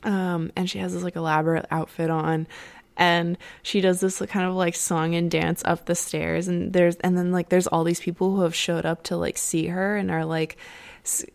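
A woman's voice: lowish voice, level tone, normal speed, creaky. A young woman casually retelling an opera plot, rambling with many fillers and frequent laughs.

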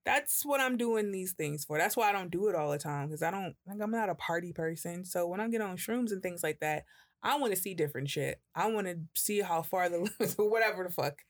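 A woman's voice: on the low side, a little fast. A woman co-hosting a podcast, telling stories in casual chat, swearing, laughing and acting out the voices of people she quotes. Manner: animated storyteller, acts out quoted voices, laughs and swears freely. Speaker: podcast co-host.

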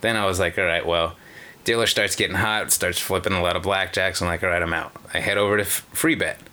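Deep, bright-toned man, casual and profane storyteller recounting gambling nights. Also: fairly even intonation, quick pace. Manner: profane, rambling, many fillers. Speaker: caller sharing casino stories.

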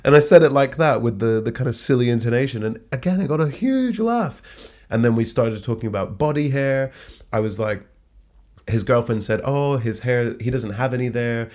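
A man, a stand-up comedian, recounting a story in a loose, conversational way. He switches into higher, sillier voices whenever he quotes himself or others, which keeps the telling animated. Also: brisk. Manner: animated, jumps pitch to act out quoted lines. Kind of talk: casual anecdotal storytelling.

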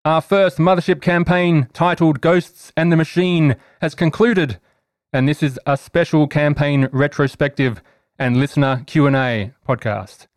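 A man's voice: on the high side, fairly even intonation, measured pace, dry recording, clean studio sound. A man hosting a tabletop game podcast, upbeat and teasing in casual chat. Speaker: podcast host and game master.

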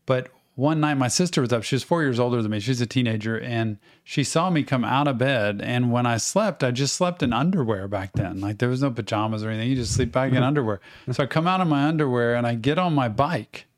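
A middle-aged man co-hosting a podcast, telling childhood stories in a casual, animated way and acting out the quotes. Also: mid-range voice, fast talker, few pauses. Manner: animated anecdotes with acted-out quotes. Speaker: podcast co-host. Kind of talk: casual storytelling chat.

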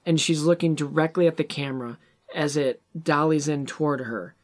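A man's voice: a little high, fairly even intonation, moderate pace. A man in casual chat about a film, retelling scenes animatedly and acting out the characters' lines. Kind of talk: casual movie discussion.

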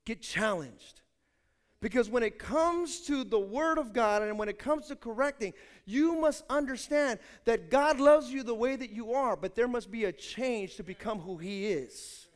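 Speaking a little slowly in a very high-pitched voice, a man preaches as pastor to his congregation. His delivery is emphatic and direct, moving between soft asides and loud pronouncements.

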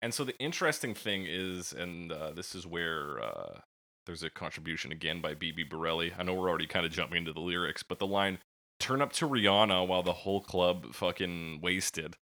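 A man's voice: low-pitched, lively intonation, fairly quick, bright, forceful tone. A man co-hosting a casual music podcast, chatting and joking with friends. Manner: jokey, playfully argumentative. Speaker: podcast co-host. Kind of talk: casual chat.

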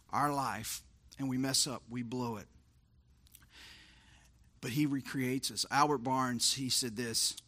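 A man, preaching a sermon, who shifts between hushed storytelling and fervent praise. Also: a little high. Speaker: pastor.

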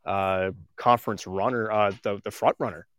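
A man's voice: lowish voice, fairly even intonation, normal speed, fairly bright tone, clear, resonant tone, no echo, clean studio sound. A man co-hosting a casual hockey talk, dropping wry jokes and many filler sounds. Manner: wry, joking, heavy on fillers. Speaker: co-host.

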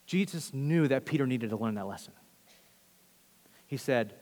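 A man preaching a sermon, earnestly shifting between hushed and forceful emphasis. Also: mid-range voice, expressive, moderate pace, pauses often, in a large hall. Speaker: pastor.

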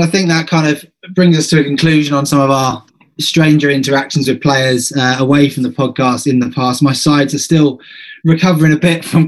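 A man in his thirties hosting a podcast, telling stories in a chatty, self-deprecating way and laughing along as he goes. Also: medium pitch. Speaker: podcast host. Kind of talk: casual storytelling chat.

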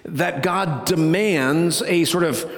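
A man preaching a sermon to a congregation, animated, with loud bursts and hushed low passages. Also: slow pace, long reverb tail. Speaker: pastor. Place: church sanctuary.

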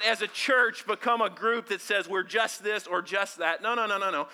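High, bright-voiced male pastor preaching. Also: lively intonation, normal speed. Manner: swings from hushed near-whispers to shouted emphasis; leads the congregation in call-and-response. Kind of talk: sermon. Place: church service before a congregation.

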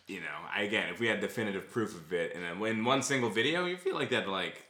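Easygoing man, bright and animated. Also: fairly low pitch, quick pace, roomy sound. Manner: easygoing, rambling, many fillers and restarts. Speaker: podcast co-host. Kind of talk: casual chat.

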